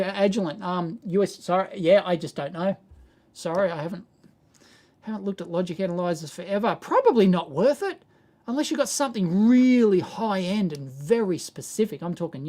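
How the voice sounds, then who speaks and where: A man's voice: fairly high pitch, a little mellow. A man with an Australian accent hosting a live stream, answering viewer questions in a casual, rambling way with frequent chuckles. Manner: rambling, chuckling, self-correcting.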